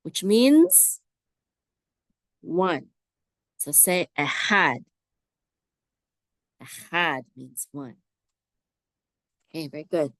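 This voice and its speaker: A woman teaching biblical Hebrew word by word, slowly sounding out letters and asking listeners to repeat after her. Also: sits low, sing-song, dry recording. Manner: slow, drawn-out repetition, prompting listeners to say words back. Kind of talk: slow, patient word-by-word Hebrew lesson.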